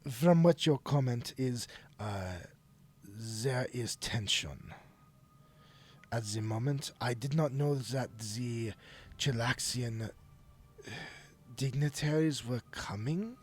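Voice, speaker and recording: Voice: medium pitch, slow pace, pauses often, a little mellow. A player in a tabletop role-playing game, talking in a hesitant, stop-start way. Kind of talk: casual tabletop play.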